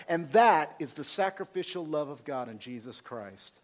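A senior pastor, a man with a somewhat high voice, preaches his sermon. He retells the scriptures in a lively, chatty way, swinging from forceful to hushed. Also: normal speed, hardly any pauses. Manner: retells scripture in an animated, conversational way, swinging between loud and soft.

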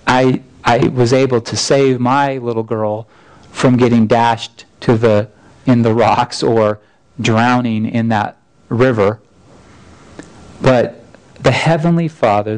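A man's voice: mid-range voice, a little mellow, low-quality recording. A man, preaching a sermon as a folksy, earnest personal story with frequent restarts. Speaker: pastor.

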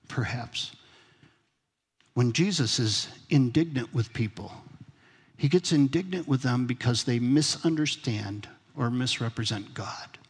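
A man's voice: mid-range voice, breathy edge, big-room sound. A man preaching a sermon as pastor, in a conversational way, asking his congregation questions. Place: church sanctuary.

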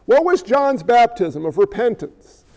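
A man's voice: very high voice, sing-song, a little slow, a little mellow, low-quality recording. A man preaching a sermon as a pastor, conversational and joking, often asking the congregation questions.

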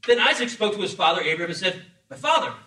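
A high, bright-voiced man preaching a sermon, lively and humorous, slipping into acted voices as he tells the story. He sounds a little off the mic, and the room around him echoes. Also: quick pace, distant mic. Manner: animated, acts out voices with humor. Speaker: pastor.

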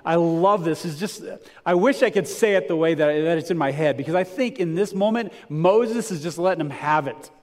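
A man's voice: on the high side, expressive, normal speed. Conversational man preaching a sermon. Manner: conversational preaching with emphatic swells and softer reflective stretches. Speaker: pastor. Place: church before a congregation.

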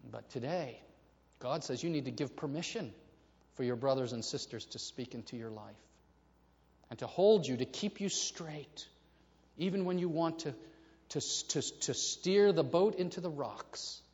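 A man preaching a sermon to his congregation, telling a story with animated delivery and acting out the voices in it. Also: fairly high pitch, unhurried. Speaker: pastor. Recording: reverberant hall, dull lo-fi sound.

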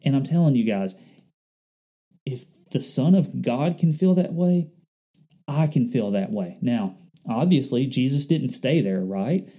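A man's voice: mid-range voice, expressive, a little slow, warm tone. A man preaching a sermon, earnest and conversational, reflective as he speaks to his congregation. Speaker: pastor.

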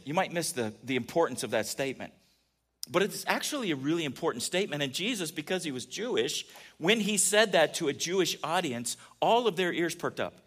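A man preaching a conversational sermon, asking his listeners questions and moving between quiet asides and emphatic peaks. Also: on the high side. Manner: animated, asks the audience questions, swings between soft asides and emphatic peaks. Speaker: pastor.

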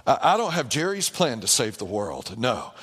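A pastor preaching a sermon in an animated way, with repeated phrases and calls of "amen" to the congregation. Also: male voice, mid-range voice, moderate pace, slightly rough. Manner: animated, repetitive rhetorical preaching with call-and-response. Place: church sanctuary. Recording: long hall reverb in a church.

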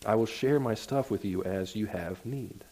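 A man's voice: fairly low pitch, moderate pace, dark tone. A man preaching a sermon to his congregation in a church, earnest and conversational, often restarting his sentences as he works toward a point. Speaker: pastor. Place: church sanctuary.

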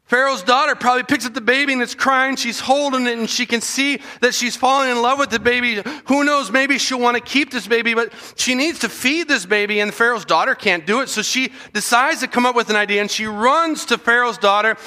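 A man preaching a Bible story to children, animated and acting out the voices of the people in it. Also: extremely high pitch, a little fast, few pauses. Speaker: children's pastor. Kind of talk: storytelling sermon.

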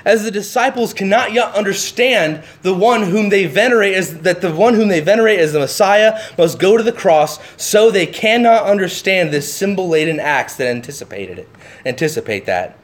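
A man's voice: high-pitched, moderate pace. A man preaching a sermon in a church, talking to the congregation and often asking "right?". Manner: animated, talks to the congregation with frequent "right?". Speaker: pastor. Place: church sanctuary.

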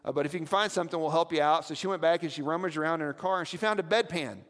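Male pastor, high voice, conversational sermon, long hall echo. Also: rapid-fire, a bit bright. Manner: storytelling, conversational with audience asides. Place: church.

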